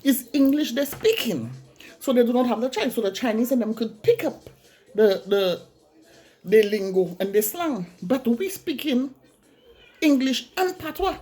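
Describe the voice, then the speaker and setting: A woman's voice: on the high side, expressive, unhurried, warm tone, slightly rough. A woman with a Saint Lucian accent ranting bluntly in a casual vlog, repeating herself for emphasis. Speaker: vlogger.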